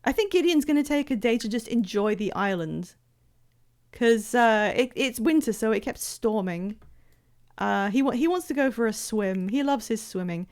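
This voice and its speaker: A woman's voice: fairly high pitch, lively intonation, normal speed, darkish tone. A woman streamer chatting casually while playing a game, rambling with many fillers and restarts.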